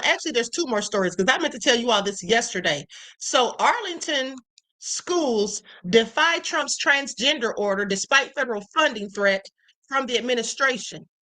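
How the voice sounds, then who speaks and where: Bright, emphatic woman hosting a live stream. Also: on the high side. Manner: emphatic, calls listeners honey and beloved. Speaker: live-stream show host. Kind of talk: casual political commentary. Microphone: live-stream setup.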